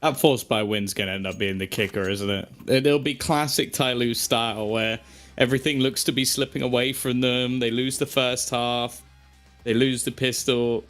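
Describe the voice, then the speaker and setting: Man, esports caster, laid-back musing tone, medium pitch, faint background music. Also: steady tone, moderate pace, fairly bright tone. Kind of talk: casual game commentary banter.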